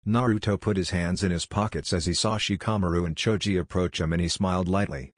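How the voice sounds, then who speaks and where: A man reading a fan-fiction story aloud as narrator, in an even, unhurried way. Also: low-pitched, dry recording, studio quality.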